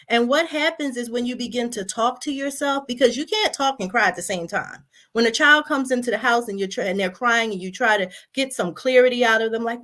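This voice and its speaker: A woman's voice: on the high side, brisk, hardly any pauses. Woman giving a motivational talk. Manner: warm, coaching, guides breathing. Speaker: speaker.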